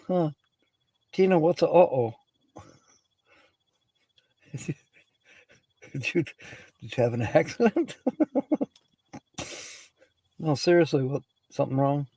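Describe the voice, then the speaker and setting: A man's voice: a little high, takes it slowly, long pauses, a little mellow, no echo, low-quality recording. A man hosting a livestream, reading word origins aloud, chatting casually, laughing often and greeting viewers by name. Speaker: livestream host.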